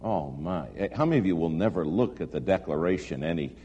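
A man telling a humorous personal story to a live audience, animated and self-deprecating. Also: low-pitched, brisk, slightly rough, highs cut off. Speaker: speaker addressing an audience. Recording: long hall reverb, faint hum.

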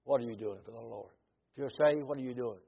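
An older man with a Mississippi Southern accent, a missionary preacher telling folksy stories in a sermon, swinging from loud to low. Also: fast, vocal fry, breathy edge. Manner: storytelling, rises loud then drops low. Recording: tinny phone-like audio.

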